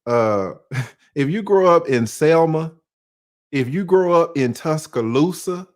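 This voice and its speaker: A man's voice: fairly high pitch, expressive, takes it slowly. A man in his forties from the US South with a Southern accent, talking to his audience in a casual monologue and posing rhetorical questions. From Atlanta, US South. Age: 40s. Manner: conversational, poses rhetorical questions, uses slang. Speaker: online commentator.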